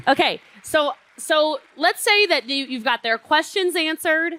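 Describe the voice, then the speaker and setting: A woman co-teaching a workshop with a high, bright voice. She talks quickly and teases the audience. The sound is dry and close. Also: no room sound. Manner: quick, teasing and lively.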